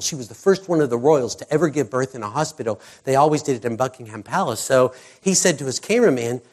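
An American man preaching a conversational sermon, telling stories and acting out the people in them with lively, animated delivery. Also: medium pitch. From United States. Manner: animated storyteller who voices characters. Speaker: pastor.

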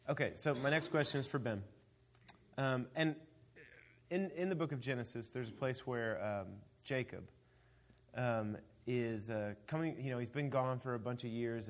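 A man moderating a panel discussion, retelling a story in a relaxed, chatty way with plenty of filler words before he puts his question. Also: medium pitch, normal speed. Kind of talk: casual question-led discussion.

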